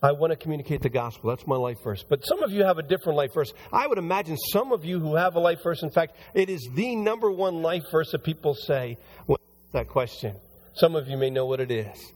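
A man preaching a conversational sermon as pastor, his voice a little hoarse and recovering. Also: fairly high pitch, animated, fairly quick, darkish tone. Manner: conversational, rambling with restarts. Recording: long hall reverb.

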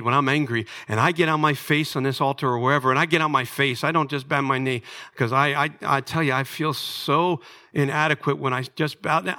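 An American man, a pastor, preaching a sermon in a church sanctuary, emphatic and building to near-shouts at his peaks. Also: fairly high pitch. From United States.

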